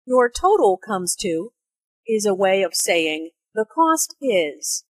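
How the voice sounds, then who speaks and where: A woman explaining English phrases and their intonation in a slow, careful teaching voice. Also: breathy edge, no echo. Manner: slow, careful, with lively pitch for spoken examples. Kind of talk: slow, clearly articulated teaching narration and dialogue.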